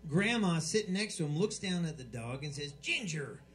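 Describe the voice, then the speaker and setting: A man doing stand-up, telling dirty jokes in a rambling, stumbling way with loud punchlines, live in a small club. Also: fairly high pitch, very animated, moderate pace. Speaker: stand-up comic.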